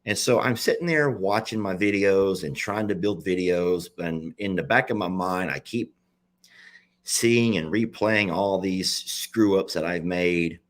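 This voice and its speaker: Male vlogger, low and unhurried, emotional confessional talk, stumbles and repeats, near tears. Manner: halting, repeats himself, confessional. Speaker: animal sanctuary owner and page host. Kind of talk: emotional personal vlog.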